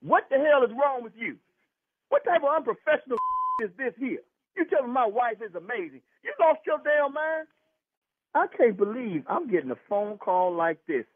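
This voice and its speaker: A man's voice: very high-pitched, lively intonation, normal speed, breathy edge, dry recording. A man taking a phone call, confrontational and indignant, repeating himself. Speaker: prank call target. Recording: tinny phone line, dry.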